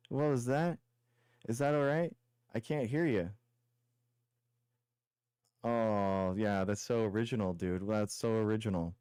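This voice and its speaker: A man's voice: mid-range voice, unhurried, mellow, smooth, dry recording. A young man hosting a live stream, arguing with a caller in a combative, mocking way and repeating taunts. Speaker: show host debating callers. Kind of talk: heated live-stream debate.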